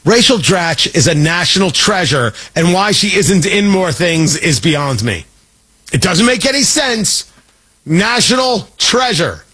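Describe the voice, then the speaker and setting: A Midwestern man hosts a political talk radio show, riffing through a sarcastic monologue and slipping into mock voices. His voice is high, husky, pushed and bright, very animated yet unhurried.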